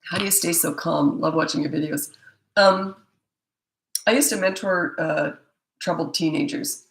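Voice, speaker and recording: A woman's voice: sits low, normal speed, vocal fry. A middle-aged woman, a parenting coach, answering viewer questions in a blunt, emphatic and opinionated way. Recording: echoey room.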